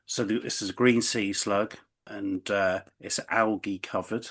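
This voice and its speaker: A man with a somewhat low voice co-hosts a podcast in casual, chatty talk. He often restarts and trails off with "um" and "uh" as he tells his stories. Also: steady tone, fairly bright tone. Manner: chatty, halting with many restarts and fillers. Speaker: podcast co-host. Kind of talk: casual chat.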